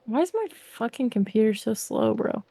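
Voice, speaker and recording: A woman's voice: on the high side, expressive, moderate pace, vocal fry, mellow, no room sound. A woman chatting casually as a player, telling stories with animation and swearing freely. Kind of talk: casual chat.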